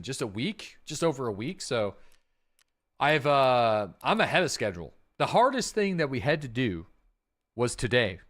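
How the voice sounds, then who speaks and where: Male gaming streamer, mid-range voice, relaxed live-chat delivery with fillers. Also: medium pitch. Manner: relaxed and chatty, with frequent fillers and asides to chat; thanks subscribers by name with warm enthusiasm. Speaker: livestreaming gamer and host.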